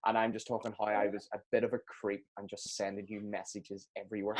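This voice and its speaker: A man's voice: on the low side, level tone, a little fast, a little hiss or hum. A man hosting a podcast, joking and self-deprecating, laughing often. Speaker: podcast host. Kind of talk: casual interview chat.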